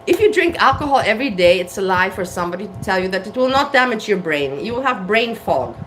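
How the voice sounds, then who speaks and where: A woman talks straight to her camera in a home kitchen, candid and blunt. She swears freely and laughs at herself. Her voice sits at an ordinary pitch, with a faint bed of room noise underneath. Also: very animated, fast, rough recording. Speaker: vlogger. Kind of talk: candid casual talk to camera.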